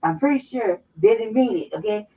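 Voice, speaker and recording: A woman's voice: mid-range voice, expressive, brisk, mellow. A woman from Colorado co-hosting a casual political talk show, blunt and emphatic, swearing heavily as she makes her points. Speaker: co-host. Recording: dull, somewhat distant mic.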